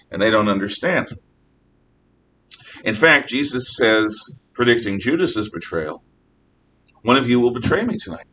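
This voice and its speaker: Animated man lecturing to a class. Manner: animated, acts out dialogue with shifting voices. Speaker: teacher. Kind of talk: classroom lecture retelling Bible stories. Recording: distant mic with faint rumble.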